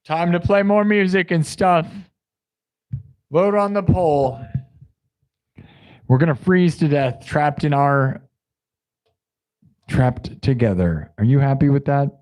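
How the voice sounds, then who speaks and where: A man's voice: a little high, lively intonation, slow, long pauses, darkish tone. A man hosting an improvised music and story livestream, talking casually and joking around with his viewers in a rambling way. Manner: playful, rambling, joking asides to chat.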